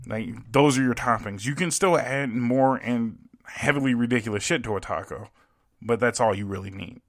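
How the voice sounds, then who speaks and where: A young man rants on his own podcast into a home microphone, swearing freely and pressing each point hard. His voice sits at an ordinary middle pitch for a man. He talks in a loose, casual way, with frequent fillers. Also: moderate pace. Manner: profane, emphatic, ranting with laughs. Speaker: podcast host. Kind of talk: casual solo podcast rant. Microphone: home podcast mic.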